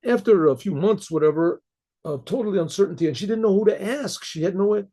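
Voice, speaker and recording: Husky, dark-voiced rabbi storyteller; halting delivery, keeps clearing his throat. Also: high voice, expressive. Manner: halting, many restarts and fillers, clears throat often. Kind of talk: casual spoken storytelling.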